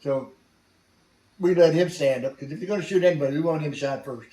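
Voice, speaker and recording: This older veteran is a blunt, salty storyteller in an interview. His voice is on the high side, brisk and warm, recorded from a distance off mic in a roomy space.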